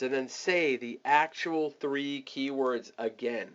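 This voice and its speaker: A man teaching a webinar, giving energetic step-by-step sales coaching and acting out the scripts for his listeners. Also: medium pitch, slow pace, hardly any pauses, highs cut off. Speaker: online marketing coach.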